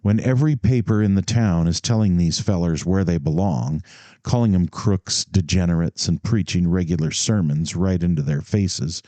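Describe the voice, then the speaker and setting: A man's voice: sits low, dark tone, no echo. A man voicing a shrewd, cheery, street-smart office boy who talks in eager slang.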